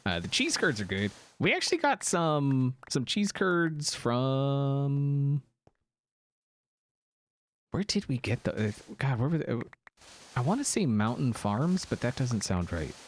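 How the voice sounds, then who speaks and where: A man at medium pitch chats casually while streaming a game, keeping a measured pace. He rambles, stays animated, and keeps interrupting himself, and the recording carries a little hiss or hum.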